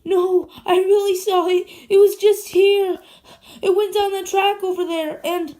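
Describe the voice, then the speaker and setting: A woman's voice: on the high side, slow pace, warm tone. A woman voicing a nervous male mountain steam engine who stammers when he speaks. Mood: panicked. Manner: stammering, jumpy.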